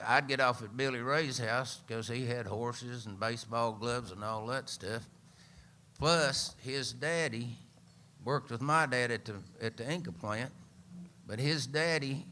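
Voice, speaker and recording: A man's voice: mid-range voice, sharp tone, slight background noise. A man in his seventies with an East Tennessee accent, telling a folksy, dry-humored story live on a radio show. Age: 70s. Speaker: singer-songwriter and storyteller.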